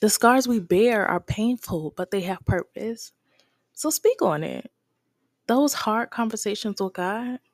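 A woman's voice: medium pitch, expressive, unhurried, dry recording. A woman hosting a podcast, giving a faith-based motivational talk in a preachy, encouraging way and laughing often. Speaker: podcast host.

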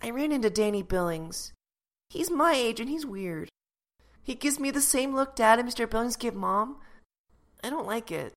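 A woman voicing an earnest, deadpan young girl telling her story in a comedy sketch. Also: on the high side, moderate pace.

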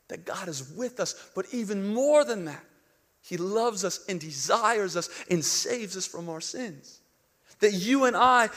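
A high-voiced man in his thirties preaches a sermon. His delivery shifts between quiet, hushed passages and emphatic ones. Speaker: pastor.

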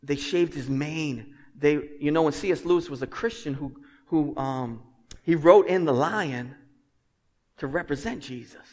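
A man preaching to his congregation in a church hall with a long, ringing reverb. His voice sits a little high, and he moves from quiet, earnest stretches to loud, driving emphasis with a light, joking touch. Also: measured pace. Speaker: pastor. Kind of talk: sermon. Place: church sanctuary.

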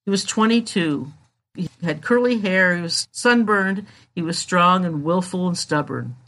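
A narrator telling a true story in a measured, solemn scripted narration. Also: medium pitch, a bit bright.

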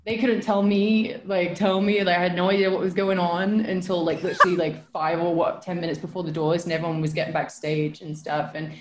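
A woman's voice: on the low side, little pitch movement, fairly quick, hardly any pauses, background noise. A woman, a former pro wrestler, telling stories in a casual group chat, full of "like" fillers and frequent swearing. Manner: chatty, many "like" fillers, swears freely. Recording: echoey room.

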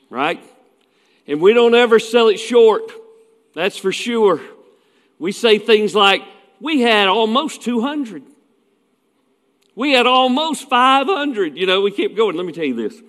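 A man's voice: a little high, a bit bright, in a large hall. A man preaching a sermon as pastor, telling stories in a folksy way with asides.

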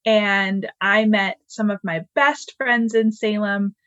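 A woman guest on a podcast, chatting in a relaxed, friendly way. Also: mid-range voice, slow pace, no room sound, lo-fi sound. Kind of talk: casual interview chat.

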